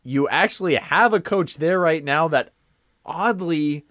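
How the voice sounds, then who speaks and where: A man co-hosting a sports podcast, chatting casually, animated, exclaiming and joking. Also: fairly high pitch, measured pace, dry recording, studio quality. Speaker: podcast co-host. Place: room with a window open.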